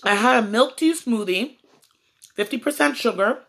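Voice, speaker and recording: A woman's voice: on the high side, lively intonation, moderate pace, fairly bright tone. A woman vlogger chatting playfully to her viewers on a live stream from a phone at home. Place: at home indoors. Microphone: phone propped up on a table.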